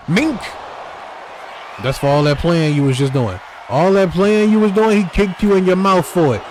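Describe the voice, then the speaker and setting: A man calling a wrestling video game match in lively play-by-play. His voice sits a little high for a man, and he trash-talks the wrestlers directly. A faint noise runs underneath. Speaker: game commentator.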